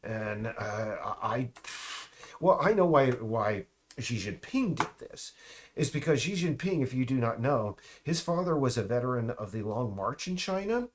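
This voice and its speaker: A man talks through a loose, rambling monologue in a voice of ordinary pitch. He stops and restarts often and trails off into asides. Dry, mocking remarks run through his talk. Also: sing-song, unhurried, a little hiss or hum.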